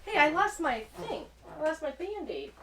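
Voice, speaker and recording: A woman co-hosting a homespun kids' show, giggly and given to tripping over her words. Her pitch is a touch high and swoops around a lot. Clear background noise sits under her voice. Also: very animated, normal speed. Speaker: co-host. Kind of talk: playful kids-show banter, telling corny jokes.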